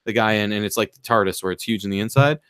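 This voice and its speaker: A man on a podcast excitedly retelling a movie plot, acting out the lines in raised voices and swearing freely. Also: lowish voice, rapid-fire, smooth, dry recording, studio quality. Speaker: podcast co-host. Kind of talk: casual chat, retelling a movie.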